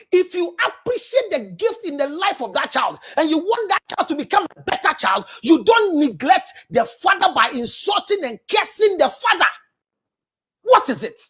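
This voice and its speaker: A high-pitched woman with a Ghanaian accent, working as a counselor, preaches relationship advice in a forceful, scolding manner and frequently raises her voice.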